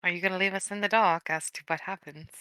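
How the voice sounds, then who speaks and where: A woman's voice: lowish voice, fairly even intonation, fast talker, pushed and bright, smooth, no room sound. A woman playing a tabletop game, joking with the others. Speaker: player. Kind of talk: casual tabletop play.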